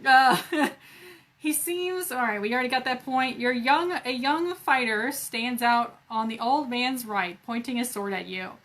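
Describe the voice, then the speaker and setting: A woman's voice: sits high, a bit bright. A woman reading a children's adventure book aloud at a library, breaking off for playful, joking asides. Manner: playful asides, laughs at herself. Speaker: library storyteller.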